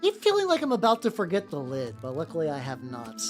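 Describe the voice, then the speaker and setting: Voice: medium pitch, huge pitch swings, quick pace, music in the background. A streamer chatting casually while painting miniatures, rambling with many stammered restarts and casual swearing.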